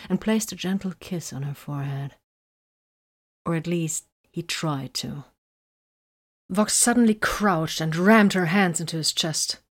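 A woman reading romantic fiction aloud in a soft, breathy voice that often drops near a whisper. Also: on the low side, a little slow. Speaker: narrator.

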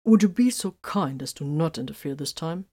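A calm, dry tech soldier, as a woman puts him on in an audiobook. The low voice stays level and unbothered. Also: moderate pace, breathy edge.

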